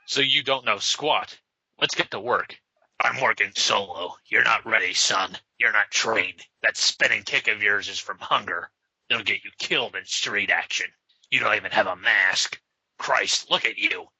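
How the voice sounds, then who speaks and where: A man reading aloud and voicing a gruff, contemptuous grown vigilante with curt, scornful lines. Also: fairly low pitch, normal speed, bright, forceful tone, no room sound, full character voice. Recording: slightly dull lo-fi sound.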